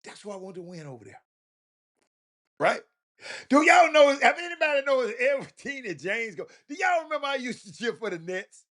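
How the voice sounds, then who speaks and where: On his casual sports talk stream, a male host with a Houston, Texas accent laughs a lot and chats straight with his viewers. His voice is very high-pitched and runs a little fast, and his manner is animated.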